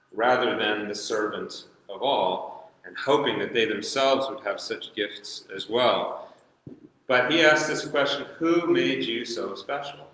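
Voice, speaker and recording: A man of middle pitch leads a verse-by-verse Bible study, talking it through conversationally and reading passages aloud. His voice rings through a very echoey room, and each phrase trails off in a long reverb. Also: fairly bright tone. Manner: conversational, reads scripture aloud, chuckles now and then.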